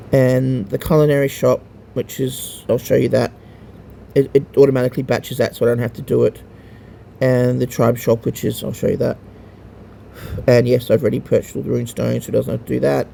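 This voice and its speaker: A man's voice: mid-range voice, creaky, warm tone, slight background noise. A man casually walking a friend through a mobile game, rambling and hesitant with lots of ums and restarts, and swearing now and then. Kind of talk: casual gameplay walkthrough.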